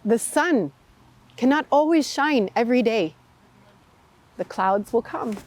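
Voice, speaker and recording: High-voiced lady telling a story, meditation teacher, lively and expressive. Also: slow, no echo. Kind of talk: storytelling and spiritual talk.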